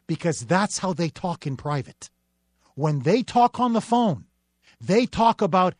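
High-voiced, indignant talk radio man. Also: very animated, measured pace, darkish tone, no room sound, studio quality. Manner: emphatic and indignant, ranting. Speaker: radio talk show host.

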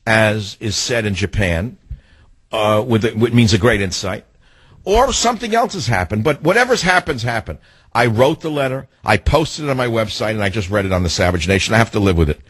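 A male talk radio host with a husky, slightly rough voice and a dry, close studio sound. He rants and mocks with a combative edge. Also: medium pitch, sing-song, a little fast, a bit bright, dry recording. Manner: ranting, scornful, mocking, cuts callers off.

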